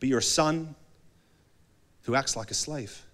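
A man's voice: mid-range voice, unhurried, a bit bright. A male pastor preaching a sermon in a conversational way, often acting out small dialogues.

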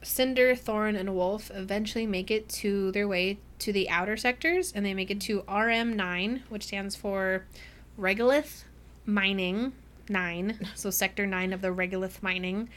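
A woman's voice: mid-range voice, fairly even intonation, measured pace, fairly bright tone. A woman co-hosting a podcast, recapping a book in a chatty, rambling way with lots of fillers. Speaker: podcast co-host. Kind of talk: casual book discussion.

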